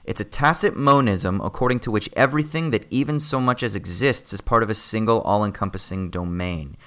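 A man's voice: lowish voice, brisk, a bit bright. A man co-hosting a casual philosophy discussion, thoughtful and searching for words with frequent fillers. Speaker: podcast co-host.

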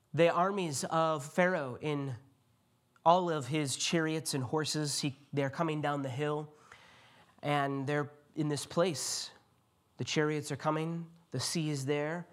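Male pastor, sermon, storytelling, slightly high voice, church. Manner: storytelling retelling with quiet voiced quotes.

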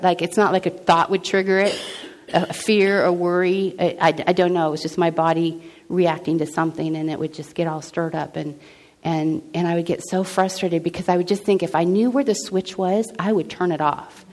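A woman's voice: lowish voice, fairly even intonation, fairly quick, darkish tone. A middle-aged woman gives an earnest personal testimony about her faith. She talks in a loose, conversational way and often restarts her sentences. She acts out the dialogue as she tells the story. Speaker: speaker sharing a personal testimony.

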